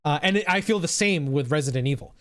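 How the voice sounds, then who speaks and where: A male streamer talks off the cuff to his chat, rambling and dropping the odd swear word. His voice sits a little high for a man. The sound is dry and close, with no room in it. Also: expressive, fast, a bit bright, no echo. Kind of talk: casual live-stream reaction chat.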